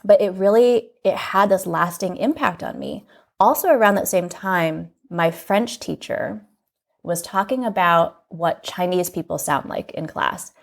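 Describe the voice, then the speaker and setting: A woman with a notably low-pitched voice speaks as a podcast guest, candid and reflective as she tells her story. She often slips "like" into her sentences, and she sounds earnest throughout. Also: unhurried, gravelly. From United States. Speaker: magazine editor, podcast guest. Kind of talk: candid personal storytelling in an interview.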